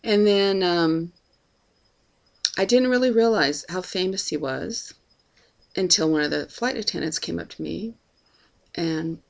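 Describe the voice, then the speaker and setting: Chatty woman with a gravelly edge. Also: fairly low pitch, unhurried, pauses often. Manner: chatty, with many fillers and quoted dialogue. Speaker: vlogger telling a travel story. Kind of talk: casual storytelling to camera.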